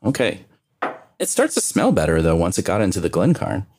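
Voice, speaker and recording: A deep-voiced man co-hosts a relaxed podcast chat, playful and teasing. His pitch swings a lot as he talks, and he reads out tasting notes. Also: brisk, background noise. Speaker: podcast co-host. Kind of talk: casual chat.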